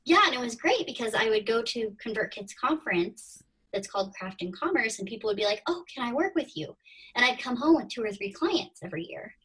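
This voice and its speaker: Husky-voiced woman telling her story. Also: a little high, expressive, brisk, fairly bright tone. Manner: chatty, acts out her own past thoughts in quotes. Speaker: podcast guest. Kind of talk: casual interview storytelling. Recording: distant from the mic.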